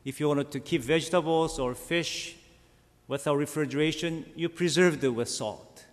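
A man preaching a sermon, slow and emphatic, asking his listeners rhetorical questions. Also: a little high. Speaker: pastor. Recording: long reverb of a church hall.

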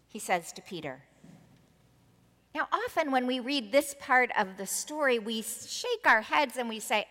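A woman's voice: sits high, lively intonation, unhurried, bright, forceful tone, big-room sound. A woman preacher giving a sermon, telling a story expressively and acting out the voices in it.

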